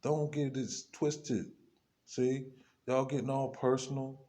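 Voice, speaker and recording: A man's voice: medium pitch, flat delivery, takes it slowly, dark tone. A man vlogging, ranting to the camera in a loose, rambling way, full of slang and asides to himself. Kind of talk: rambling casual rant to camera.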